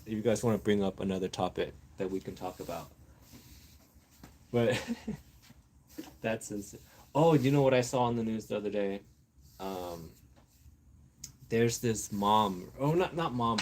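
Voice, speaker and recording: A man's voice: mid-range voice, a little hiss or hum. Rambling man chatting on a livestream. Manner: rambling, laughs often, brainstorms aloud. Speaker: livestream host. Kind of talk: casual livestream chat with viewers.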